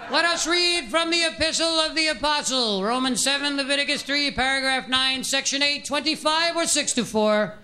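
A man's voice: extremely high pitch, normal speed, hardly any pauses, bright, forceful tone, pitched above the performer's own voice, full character voice. A man putting on a droning sing-song priest. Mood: pompous. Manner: pompous sing-song preaching, repetitive. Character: droning, frustrated middle-aged male priest. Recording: live audience laughter and room noise.

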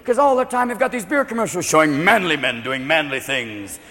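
A man doing live stand-up comedy, jumping manically between bits and quick character voices. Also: fairly high pitch, expressive, pushed and bright, a little hiss or hum. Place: large live venue with audience. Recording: live hall recording with crowd laughter.

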